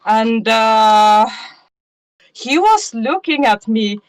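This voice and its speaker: Slow-talking woman with a background. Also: on the high side, animated, clear, resonant tone. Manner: chatty, storytelling. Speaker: guest. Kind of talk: casual interview chat.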